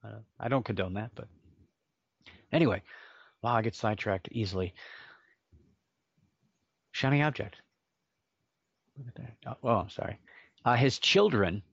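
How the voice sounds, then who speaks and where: Male podcast host, lowish voice, chatty and self-deprecating, dry dull home recording. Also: fairly quick, creaky, pauses often, a bit bright, husky, dry recording. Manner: rambling, self-mocking asides. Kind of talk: casual solo podcast chat.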